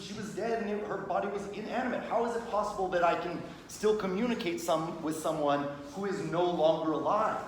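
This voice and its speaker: A man giving a casual classroom lecture on religion. He talks conversationally, often checks in with "right?", and acts out little scenes in quoted voices. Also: fairly high pitch. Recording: very echoey room, faint background hum.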